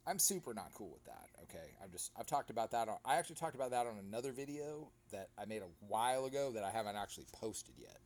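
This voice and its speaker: A goalkeeper recaps his own soccer match in casual commentary, speaking quickly in a lowish voice with hardly any pauses. His storytelling is animated, and he acts out the other players.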